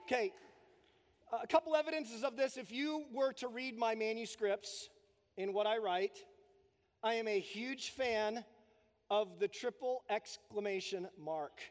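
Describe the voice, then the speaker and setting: Emphatic high-voiced pastor in a reverberant hall. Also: male voice, a little slow. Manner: emphatic, preaching with strong build-ups and drops. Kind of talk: sermon. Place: church sanctuary. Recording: long reverb of a church hall.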